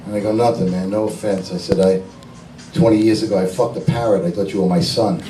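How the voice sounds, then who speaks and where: A man doing stand-up, telling jokes in a dry, deadpan way and laughing at his own punchlines. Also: low-pitched, quick pace. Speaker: stand-up comedian. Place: lounge club stage. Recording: echoey club from far off, noisy.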